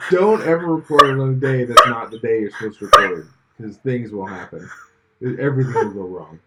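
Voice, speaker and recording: A man's voice: mid-range voice, moderate pace, heavy background noise. Rambling man chatting on a podcast. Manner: rambling, laughs often, many fillers and restarts. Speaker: podcast co-host. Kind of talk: casual chat.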